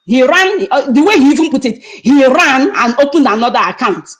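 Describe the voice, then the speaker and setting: A woman's voice: high-pitched, lively intonation, moderate pace, poor audio. A middle-aged woman with a Nigerian accent, angrily scolding someone during a livestream and repeating herself. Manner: angry, scolding, repetitive. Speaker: online activist speaker. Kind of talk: heated livestream rant.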